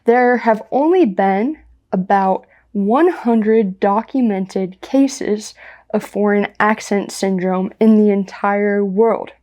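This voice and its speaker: A young American woman telling a story slowly and clearly for English learners, repeating ideas in simple words. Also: medium pitch, dark tone. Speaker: English teacher.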